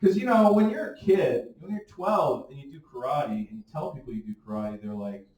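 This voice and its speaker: A man's voice: mid-range voice, lively intonation, a little fast, a little mellow. A man in his late thirties hosting a stand-up comedy show, self-mocking and chuckling through his jokes. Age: late 30s. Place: comedy club stage. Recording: echoey room, from far off.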